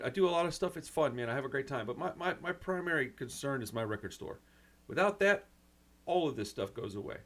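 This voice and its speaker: A man's voice: a little high, a bit bright. Frustrated man ranting, close to tears. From United States. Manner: rambling, frustrated, swears mildly, says "man" and "dude" often. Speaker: channel host and record store owner. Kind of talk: emotional personal rant to camera.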